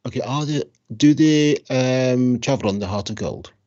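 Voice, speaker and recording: A man co-hosting a podcast who mostly chimes in with short agreeing replies and thinks out loud during a quiz. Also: mid-range voice, moderate pace. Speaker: podcast co-host. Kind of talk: casual chat. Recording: dull lo-fi sound.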